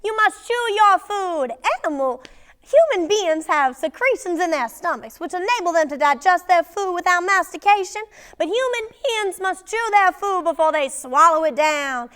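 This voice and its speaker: A woman's voice: very high voice, expressive, normal speed, voice pushed up. A woman performing a fussy, domineering mother lecturing her grown son about table manners, in a theatrical scolding delivery. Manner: scolding, loud and emphatic.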